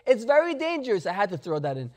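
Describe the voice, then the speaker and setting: A man's voice: sits high, wildly swooping pitch, fast talker, a little mellow. A middle-aged man, a rabbi, teaching a Torah class and explaining Hebrew terms in English with emphatic warnings.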